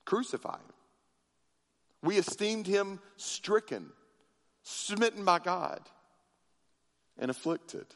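A man preaching a sermon as pastor, with impassioned delivery that swings between loud, high emphasis and low, quiet lines. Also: animated, slow pace, pauses often. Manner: impassioned preaching with big swings in pitch and loudness. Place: large church sanctuary. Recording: long hall reverb from a church.

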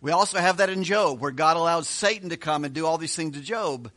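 A man teaching a Bible study as a pastor, retelling scripture with quick voiced asides and chuckles. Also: fairly high pitch, pushed and bright.

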